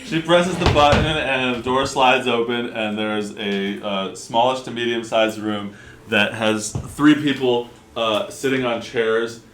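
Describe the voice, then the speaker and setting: A man's voice: mid-range voice, steady tone, a little slow, background noise. A man running a tabletop game at home, narrating loosely with many fillers and laughs. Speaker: game master. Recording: echoey room.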